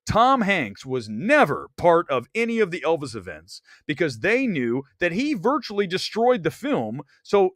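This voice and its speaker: Brief: lively, rambling male movie-show host, slightly high voice, dry close sound. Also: no room sound. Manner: animated, rambling, emphatic rants. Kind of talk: live-stream movie commentary. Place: Los Angeles area.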